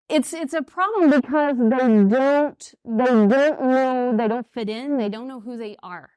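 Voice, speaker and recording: A woman in her fifties with an East Texas accent gives a lively talk to an audience. Her voice sits a little high, and the sound is close and dry. She acts out the voices in her stories as she tells them. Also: no echo. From United States. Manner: lively storyteller who acts out quoted voices. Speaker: speaker at an international school.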